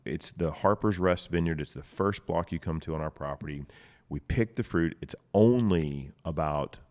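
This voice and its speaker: A man's voice: low voice, moderate pace, darkish tone. A middle-aged man, a winery co-owner, telling stories with enthusiasm in casual conversation, recorded outdoors. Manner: enthusiastic storyteller, acts out dialogue. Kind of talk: casual storytelling. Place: outdoors in a vineyard.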